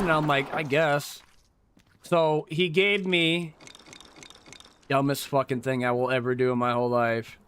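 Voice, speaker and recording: A man's voice: fairly high pitch, fairly bright tone, a little hiss or hum. A man streaming a game, chatting casually to himself with loose, profane asides and rambling stories full of restarts. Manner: loose and profane, mutters to himself while playing. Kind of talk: casual gameplay commentary.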